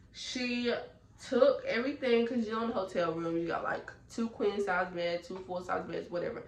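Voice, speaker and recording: A young woman, from North Carolina, telling a storytime tale in an animated way full of fillers. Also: medium pitch, roomy sound, low-quality recording. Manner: animated, talks her way through the story with many fillers. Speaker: vlogger. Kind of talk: storytime chat.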